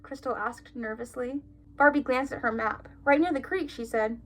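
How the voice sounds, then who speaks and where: High-voiced young woman, sarcastic. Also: moderate pace. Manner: sarcastic, giggly, incredulous asides. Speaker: vlogger reading her childhood stories. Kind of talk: reading aloud with running commentary.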